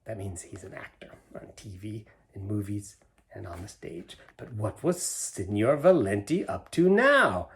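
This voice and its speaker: A middle-aged man reading a children's picture book aloud, stopping to explain the pictures in gentle asides. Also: on the low side, expressive, measured pace. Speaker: storybook reader.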